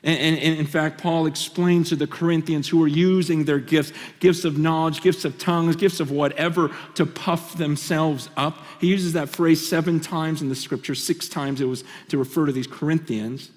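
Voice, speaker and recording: A man preaching a conference sermon, impassioned and swinging between loud and hushed, often stammering and restarting phrases. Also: fairly high pitch, steady tone, normal speed, hardly any pauses. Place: conference hall. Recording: long reverb of a large hall.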